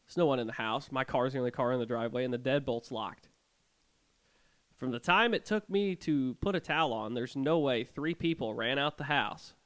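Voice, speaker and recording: A young man co-hosting a podcast, telling his ghost stories in an animated way with sarcastic jokes. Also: medium pitch, smooth. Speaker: podcast co-host.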